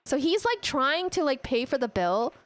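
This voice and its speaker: A young woman streamer chatting casually, telling an animated story full of "like" and restarts. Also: high-pitched, normal speed, soft background music. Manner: animated storytelling, heavy use of "like". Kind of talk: casual chat.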